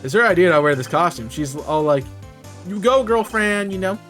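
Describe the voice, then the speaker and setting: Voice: mid-range voice, animated, normal speed, a bit bright, faint music behind, pitched above the performer's own voice, lightly acted. A streamer voicing a goofy, lovestruck young man who talks in laid-back slang.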